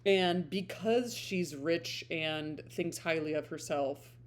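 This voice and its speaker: A woman's voice: low voice, slow, slight background noise. A woman who reads books on her channel, talking casually and thinking aloud as she searches for her words. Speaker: book reader and vlogger. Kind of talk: casual reflective chat.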